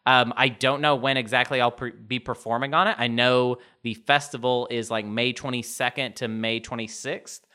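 A man's voice: mid-range voice, steady tone, moderate pace, hardly any pauses, bright, forceful tone, clean tone. A young adult man, a stand-up comedian and podcast guest, chatting casually in a rambling, self-deprecating way with lots of fillers. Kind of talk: casual chat.

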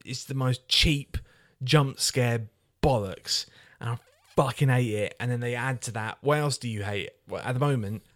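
A man reviewing a film on a casual podcast, ranting and swearing freely at a mid pitch. His delivery is blunt and exasperated, full of strong profanity. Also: moderate pace, no room sound. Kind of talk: casual chat.

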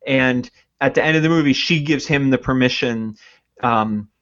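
A man's voice: mid-range voice, normal speed, a bit bright. A man co-hosting a casual podcast chat, reviewing a movie in a reflective way and searching for words as he goes. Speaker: podcast co-host. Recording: dull lo-fi sound.

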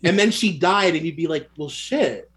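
A man's voice: sits high, a little fast, a bit bright. A man co-hosting a podcast, talking about horror films in a rambling way, full of "like" and laughs. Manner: rambling, heavy use of "like", laughs along. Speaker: podcast co-host. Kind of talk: casual movie chat.

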